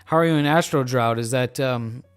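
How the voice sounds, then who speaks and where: A man hosting a casual live stream, talking in a loose, rambling way with many fillers, relaxed and joking, a little tipsy. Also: medium pitch, normal speed, clean tone. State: a bit tipsy from beer. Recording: faint music in background.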